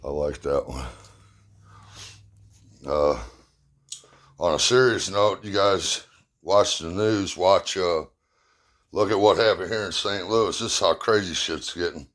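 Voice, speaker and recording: A man's voice: low voice, takes it slowly, pauses often, fairly bright tone. A middle-aged man casually telling rambling, profane, self-mocking stories and jokes to his viewers. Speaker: vlogger. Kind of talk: casual storytelling.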